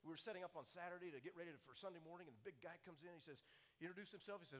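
Fast, lively man preaching in a hall. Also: fairly high pitch. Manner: animated storyteller, emphatic repetition. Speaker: speaker on creation. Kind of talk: sermon-style talk.

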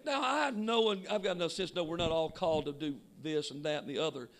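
A man preaching a sermon with emphatic shouting that drops to quiet asides. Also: on the high side, fast. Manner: shouting, emphatic, swinging between loud and quiet. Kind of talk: Pentecostal sermon.

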